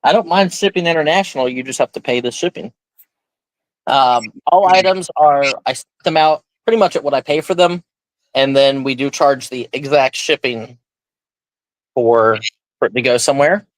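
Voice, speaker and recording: Running a live stream auction, a male host keeps up chatty, rambling patter, describing every item while he holds it up. He talks at medium pitch and normal speed, and the audio has no echo.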